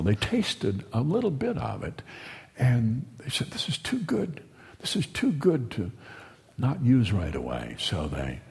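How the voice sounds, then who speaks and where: A man's voice: fairly low pitch, vocal fry. A man telling a humorous story in a wry, meandering way, often stumbling and repeating words. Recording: long hall reverb.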